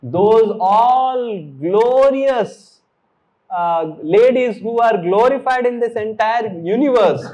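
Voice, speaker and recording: A man giving a devotional sermon, explaining scripture slowly and mixing in Sanskrit terms. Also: very high-pitched, mellow, low-quality recording. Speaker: spiritual teacher.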